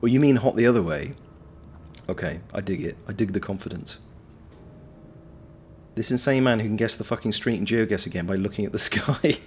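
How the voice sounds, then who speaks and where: A man's voice: fairly low pitch, a little fast, pauses often, a little hiss or hum. A man chatting casually on a game livestream, reading out his chat with wry, playful banter. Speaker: game streamer.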